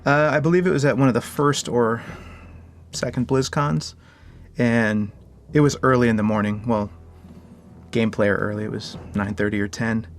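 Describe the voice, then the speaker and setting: Man, game developer, interview anecdote, animated, joking, mid-pitched voice, faint music behind. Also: moderate pace, pauses often.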